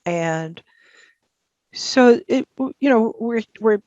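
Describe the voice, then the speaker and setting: A woman's voice: fairly high pitch, lively intonation, slow, a little mellow, no room sound, highs cut off. A woman in her seventies speaking as a guest on a video call from her home office, rambling and thinking aloud with many fillers and restarts. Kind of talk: conversational talk and audience Q&A.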